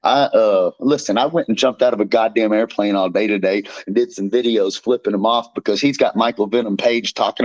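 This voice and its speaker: A man's voice: on the low side, steady tone, brisk, hardly any pauses, a little mellow, dry recording. Swearing, fired-up fighter man. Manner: boastful, fired up, swears constantly. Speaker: bare knuckle fighter guest. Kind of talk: brash profane trash talk. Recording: slightly dull dry recording.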